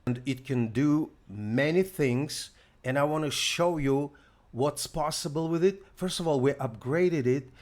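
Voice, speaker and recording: A man's voice: a little high, unhurried, darkish tone. Hesitant man demoing a gadget. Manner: hesitant, many fillers and restarts, talks to viewers. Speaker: tech demo host. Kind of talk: casual live demo.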